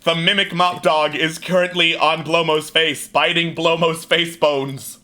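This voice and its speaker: High, bright-voiced male game master. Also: little pitch movement, measured pace. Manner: playful, laughing narration. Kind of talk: narrating a tabletop game.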